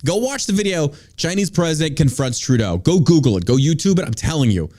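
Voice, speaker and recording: A man's voice: a little high, sing-song, a little fast, warm tone. A man hosting a podcast, ranting through political commentary in a heated, profane way. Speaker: podcast host.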